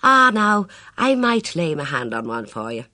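A man's voice: on the high side, very animated, a little slow, sharp tone, no room sound, studio quality, heavily acted. A reader voicing a chatty, persuasive Irish hotel doorman in an audiobook, with an Irish accent. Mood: coaxing. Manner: coaxing, folksy.

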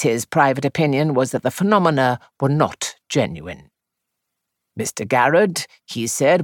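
A man's voice: medium pitch, dry recording, studio quality. Composed male audiobook narrator. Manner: measured, composed first-person storytelling.

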